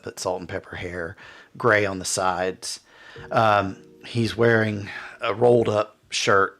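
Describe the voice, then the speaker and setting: A man's voice: lowish voice, creaky, fairly bright tone. A man narrating as game master of a tabletop game, in a loose, rambling way with many fillers.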